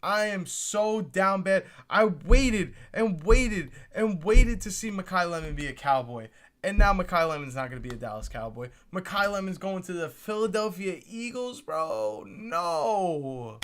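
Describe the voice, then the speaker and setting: A man's voice: high-pitched, animated, measured pace, fairly bright tone. A young man streaming live reactions to a sports draft, pleading and exasperated, often repeating himself. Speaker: fantasy football streamer.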